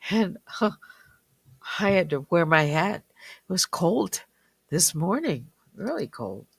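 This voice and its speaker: Slow, hushed late-night stream host. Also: medium pitch, big pitch swings, creaky, breathy edge, no room sound. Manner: slow, quiet, often near a whisper. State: slightly dry, strained voice. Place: small warm room at home.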